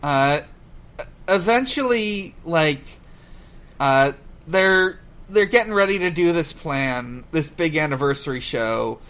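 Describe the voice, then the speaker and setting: Guy cohosting a podcast, slow talker, bright voice, lots of uhs and restarts, swears a bunch. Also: fairly high pitch, animated. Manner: halting, many "uh" fillers and restarts, swears, laughs easily. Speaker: podcast co-host. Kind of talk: casual chat recapping a cartoon.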